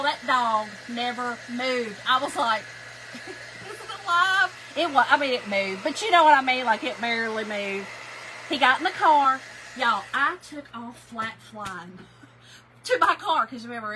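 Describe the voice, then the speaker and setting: A woman's voice: a little high, pushed and bright, slight background noise, rough recording. A woman, telling an emotional story in a chatty way while she crafts on a livestream, and she tears up easily.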